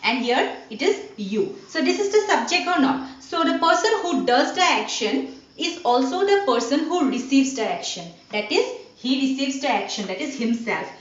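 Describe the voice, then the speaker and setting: A woman teacher giving an online grammar lesson, repeating points slowly and asking "what?" to prompt her students. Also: high-pitched, sing-song. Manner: slow, repetitive teaching with rhetorical "what?" questions. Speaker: school teacher. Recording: dull, roomy recording from a distance.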